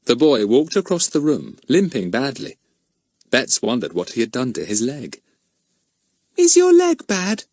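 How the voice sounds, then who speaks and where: Man narrator, children's storybook, very lively pitch, dry close sound. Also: moderate pace, no echo. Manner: expressive storytelling. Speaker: audiobook narrator. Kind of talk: scripted narration.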